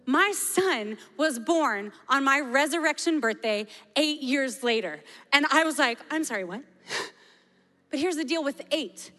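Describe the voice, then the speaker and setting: Woman preacher in her 40s, passionate and fairly high-voiced, long hall reverb with faint music underneath. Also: lively intonation, slow. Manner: passionate, shifting to hushed prayer. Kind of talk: sermon testimony and prayer. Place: large church hall. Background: soft music.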